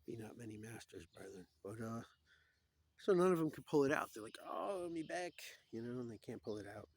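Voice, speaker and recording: Brief: middle-aged man, meandering storyteller, preachy, mid-pitched voice. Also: animated, a little fast, husky. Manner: meandering, preachy, swinging loud to quiet. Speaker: speaker. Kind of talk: rambling storytelling monologue.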